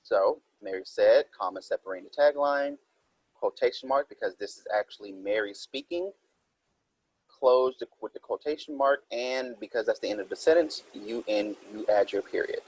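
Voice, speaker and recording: Husky-voiced man teaching a writing lesson. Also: fairly low pitch, normal speed, no room sound, poor audio. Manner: explains step by step, reads example sentences aloud. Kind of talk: recorded writing minilesson.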